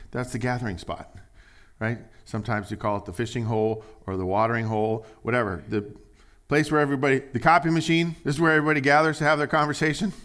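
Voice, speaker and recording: A man preaching a sermon in an animated way, with loud emphatic bursts and quiet low asides, acting out the voices of the people he quotes. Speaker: pastor.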